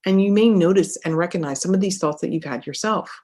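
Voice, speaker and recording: Emphatic woman coach, fairly low voice. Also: fast talker. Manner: energetic and emphatic, repeats phrases for effect. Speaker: life coach and podcast host. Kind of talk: motivational podcast monologue.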